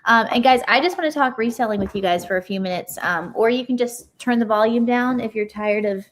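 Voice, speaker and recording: A woman in her thirties with a high-pitched voice, hosting a live stream in casual chat full of ums. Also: fairly quick, slight background noise. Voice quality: self-described high-pitched voice. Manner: chatty, many ums, laughs easily. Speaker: livestream host.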